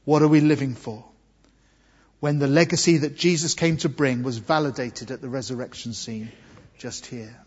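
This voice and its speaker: A man from England preaching an Easter sermon, earnest and emphatic, slowing down on key words. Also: medium pitch, fairly even intonation, husky. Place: church. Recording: dull muffled sound with long hall reverb.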